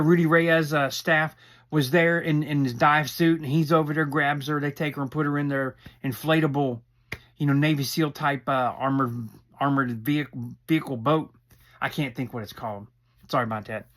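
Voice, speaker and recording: A man's voice: on the high side, a bit bright. A man casually recapping a reality show episode, talking in a rambling, conversational way with asides and restarts.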